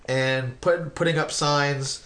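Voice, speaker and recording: A middle-aged man hosting a casual interview, telling stories in a rambling, animated way with some swearing. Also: on the high side, slow pace. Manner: rambling, animated storytelling with profanity. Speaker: podcast host.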